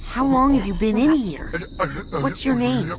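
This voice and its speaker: A woman's voice: fairly high pitch, lively intonation, unhurried, a little hiss or hum. Woman voicing Raz, a plucky boy psychic. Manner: inquisitive, quippy. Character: plucky young boy psychic, curious and earnest. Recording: game music playing behind.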